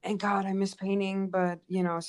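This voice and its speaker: Heavy background noise surrounds a young woman of Kurdish family background, an art teacher and painter, as she chats casually at normal speed in a mid-range voice. Her manner is lively and expressive, full of fillers.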